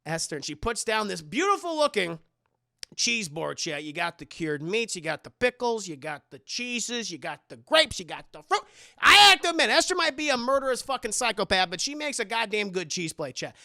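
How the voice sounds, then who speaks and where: A man tells a movie recap for his stream with plenty of cursing and comic energy. His voice is gravelly, with a bright, cutting edge. It is recorded close and dry, with no room around it. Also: high-pitched, normal speed, no room sound. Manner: profane, animated, laughing storyteller. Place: streaming setup at home.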